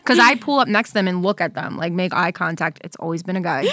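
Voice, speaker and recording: A young woman from New Jersey chatting casually as a podcast co-host, telling stories with lively acted-out quotes. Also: fairly low pitch, fast, no echo. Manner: lively storytelling, acts out quotes. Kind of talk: casual chat.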